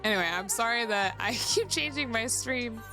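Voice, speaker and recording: A woman's voice: fairly high pitch, lively intonation, normal speed, over music. A woman streaming a game, chatting casually with her viewers and laughing often. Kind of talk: casual gameplay chat.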